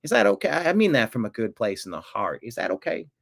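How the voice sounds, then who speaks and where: A man's voice: mid-range voice, sing-song, fast, vocal fry. A man doing an impression of a folksy woman politician in a put-on American Southern accent, rambling and correcting himself as he goes. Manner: drawling, rambling, self-correcting.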